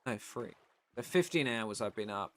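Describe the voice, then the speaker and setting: Bright-voiced British man chatting on stream. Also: fairly low pitch, animated, normal speed. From Britain. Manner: sweary, gets loud and worked up when ranting. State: tired. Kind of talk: casual live-stream chat.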